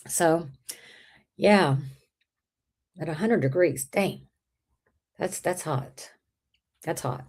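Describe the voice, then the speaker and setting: A woman hosting a casual livestream, chatting with viewers, with an irritated throat she keeps clearing. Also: fairly low pitch, drawn-out words, long pauses, a little mellow. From Texas. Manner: chatty, rambling, reads out viewer comments. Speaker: livestream host.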